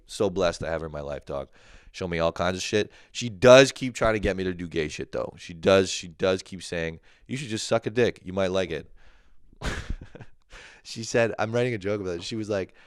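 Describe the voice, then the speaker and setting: Deep-voiced man ranting crudely. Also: moderate pace, no echo, studio quality. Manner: profane, laughing, shifts into shouted mock quotes. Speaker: comedy podcast host. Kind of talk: crude solo comedy podcast rant.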